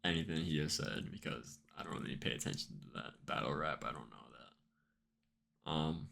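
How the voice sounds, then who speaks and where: A man chatting casually on a reaction stream, rambling in a relaxed way with lots of fillers. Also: a bass voice, a little fast, vocal fry. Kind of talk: casual chat.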